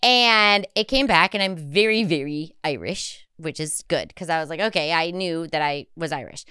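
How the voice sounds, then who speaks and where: A woman's voice: deep voice, normal speed, bright, forceful tone, smooth, dry recording, studio quality. A woman co-hosting a podcast, chatting casually and expressively, with frequent swearing. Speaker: podcast co-host. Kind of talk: casual chat.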